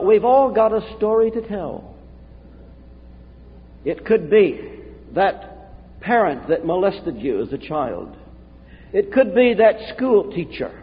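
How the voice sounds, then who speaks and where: A man preaching a sermon from the pulpit, earnest and confessional, with dramatic pauses. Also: high voice. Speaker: pastor. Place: church sanctuary. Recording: tinny, echoey hall recording.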